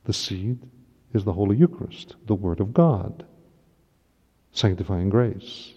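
Impassioned preacher in an echoing church. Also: male voice, fairly low pitch, expressive, a little slow, gravelly, mellow, slightly rough. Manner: impassioned, rising to emphatic peaks. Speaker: priest. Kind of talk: sermon. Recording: dull lo-fi recording in a long-reverb hall.

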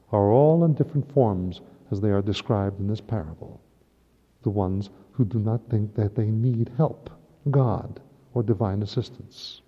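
A male priest delivering an impassioned sermon, his dark, husky voice climbing to emphatic peaks. The sound is dull and lo-fi, with a long reverb trailing off the church walls. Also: lowish voice.

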